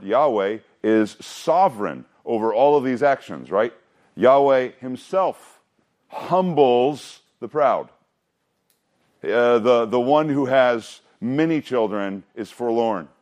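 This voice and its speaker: This man's voice sits at medium pitch with a slightly mellow quality. He runs a Bible study in a conversational style, quizzing the room, joking along the way and restarting his thoughts.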